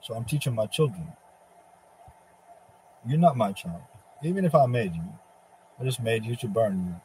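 A man's voice: mid-range voice, animated, moderate pace, a little mellow, a little hiss or hum, poor audio. A man giving a profane, mocking religious monologue, speaking as a divine figure taunting Satan. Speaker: religious preacher.

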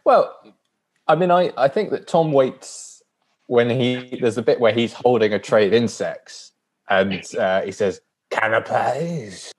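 This podcast co-host has a mid-range, slightly mellow voice and an unhurried pace. In a casual discussion of films, he jokes around and acts out quotes in character.

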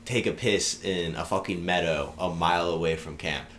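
A man's voice: sits low, steady tone, moderate pace, fairly bright tone, a little hiss or hum. A young man in his twenties, a podcast guest, casually telling rambling stories, swearing freely and laughing as he goes. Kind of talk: casual storytelling.

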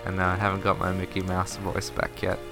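A man's voice: low voice, completely flat delivery, a little fast, creaky, over music. A laid-back man co-hosting a casual podcast chat, laughing easily as he talks. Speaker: podcast co-host.

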